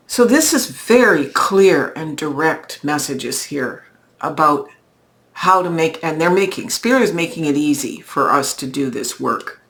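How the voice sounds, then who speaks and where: A woman giving a weekly tarot card reading in a slow, reflective, spiritual manner. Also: low-pitched, lively intonation, fairly bright tone. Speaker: tarot reader.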